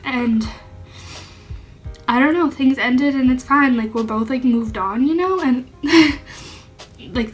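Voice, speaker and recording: A young woman with a slightly high voice shares a personal coming-out story straight to camera. She talks casually, full of "like", and her voice turns tearful at times. Soft music plays faintly behind her. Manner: heavy use of "like", emotional and tearful at times. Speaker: vlogger.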